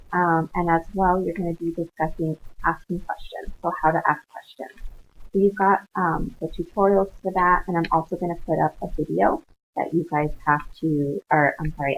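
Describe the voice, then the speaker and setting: Speaking with vocal fry in a voice on the low side, a Spanish teacher patiently leads students through online coursework on a shared screen. She sprinkles Spanish words into her English, and the recording sounds tinny and lo-fi, like a phone line.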